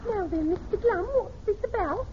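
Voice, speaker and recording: A timid, devoted sweetheart with a plaintive, earnest tone, her voice pitched extremely high. It comes through a dull, lo-fi vintage radio recording with a faint hiss. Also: expressive, moderate pace. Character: timid, devoted, tearful young woman. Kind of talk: vintage radio sitcom acting.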